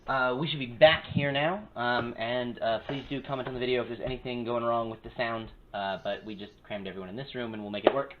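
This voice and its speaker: A man's voice: medium pitch, steady tone, fairly quick, hardly any pauses. A man narrating as game master for a tabletop game, talking casually with lots of fillers, in a small crowded room. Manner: casual, filler-heavy rules talk. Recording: phone-like lo-fi sound with faint hiss.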